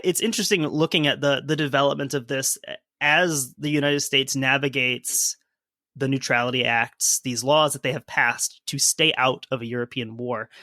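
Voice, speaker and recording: A male co-host of a history podcast reads out old press quotes and follows them with dry jokes. His medium-pitched voice is pushed and bright, and the recording has no echo.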